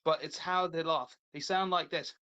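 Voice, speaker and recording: A man's voice: fairly high pitch, bright, forceful tone, clear, resonant tone, highs cut off. A man, hosting a podcast in casual chat, rambling through a retold comedy routine with lots of fillers and restarts. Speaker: podcast host.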